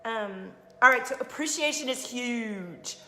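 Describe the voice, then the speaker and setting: A woman spiritual coach hosting a live stream, talking casually to viewers and greeting them by name in a soft, soothing way. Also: on the high side, expressive, measured pace, reverberant, faint music behind. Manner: chatty, addresses viewers by name.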